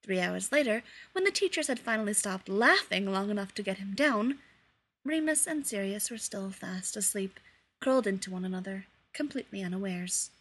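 Husky woman reading a story aloud. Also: medium pitch, lively intonation, normal speed, fairly bright tone. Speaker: reader. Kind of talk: reading fan fiction aloud.

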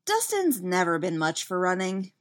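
A woman reading a fan story aloud with lively, expressive narration. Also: lowish voice, moderate pace. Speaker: fanfiction reader.

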